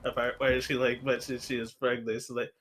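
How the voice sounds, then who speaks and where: A man chatting casually with a friend during a game stream, talking hesitantly and filling pauses with "like" and "uh". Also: mid-range voice, level tone, fairly bright tone, slight background noise. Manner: hesitant, full of "like" and "uh". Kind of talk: casual chat while gaming.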